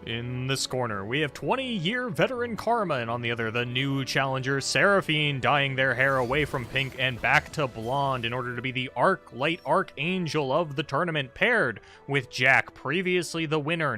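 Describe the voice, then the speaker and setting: A man putting on a hyped-up wrestling ring announcer voice, drawing out his introductions. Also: sharp tone. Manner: booming, drawn-out introductions. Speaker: caster.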